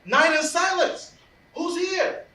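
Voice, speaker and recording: A man's voice: lively intonation, slow pace, sharp tone, heavily acted. An actor playing a mischievous male fairy sprite, delivering verse theatrically on a live stage. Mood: impish. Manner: theatrical stage delivery with big swings of pitch. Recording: echoey stage, recorded from far off.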